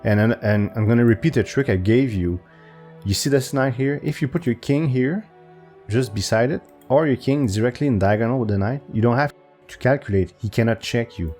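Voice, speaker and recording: A chess video creator thinks aloud while solving puzzles for his channel, speaking fairly quickly in a slightly mellow voice over soft background music. He sounds hesitant, talking to himself with restarts and pitch jumps.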